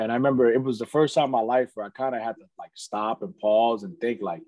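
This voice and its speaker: A man's voice: lowish voice, brisk, few pauses, a little mellow, no echo. Earnest man telling his life story. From United States. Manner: earnest, fills speech with "man" and "you know". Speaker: podcast guest. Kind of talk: candid storytelling in casual conversation.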